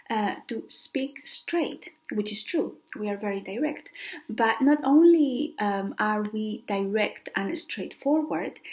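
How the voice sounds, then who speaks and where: Slow, breathy-toned Spanish-accented woman teacher. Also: fairly high pitch, darkish tone. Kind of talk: online language lesson.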